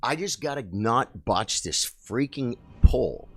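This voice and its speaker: A man giving excitable, chatty live commentary while streaming a game and talking to his chat. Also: mid-range voice, slow pace, gravelly, a little hiss or hum.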